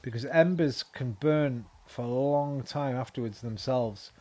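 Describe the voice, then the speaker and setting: A man's voice: mid-range voice, measured pace, darkish tone. A young man giving casual, swear-filled commentary while playing a video game and talking back to it. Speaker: game streamer. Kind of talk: casual let's-play commentary.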